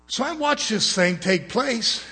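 A man preaching a sermon, telling a story with animated, emphatic bursts. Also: very high voice, measured pace, breathy edge. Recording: long hall reverb.

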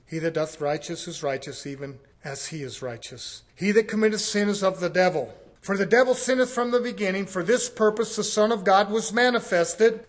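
A man with a notably high voice preaches to a congregation. He rises into loud, drawn-out scripture reading, then drops into quiet, conversational asides to the room. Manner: drawls out repeated words for emphasis. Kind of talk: sermon.

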